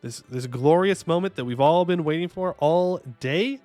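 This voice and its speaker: A man with a somewhat high voice commentates his game live, casual and joking as he banters with chat. He hums small fanfares between moves. Faint game music runs underneath. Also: lively intonation, normal speed, few pauses, a little mellow. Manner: playful, joking with chat, sings little fanfares. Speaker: streamer.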